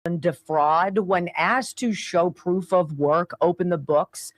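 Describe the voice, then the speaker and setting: A middle-aged woman hosting a talk radio show, delivering a sarcastic, opinionated monologue and slipping into quick voices for the people she quotes. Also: fairly low pitch, dry recording.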